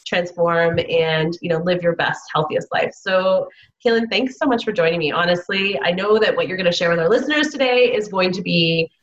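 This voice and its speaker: A woman's voice: lowish voice, moderate pace. A woman hosting a podcast, effusive and gushing as she introduces her guest. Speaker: podcast host. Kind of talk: casual interview chat. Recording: dull lo-fi sound.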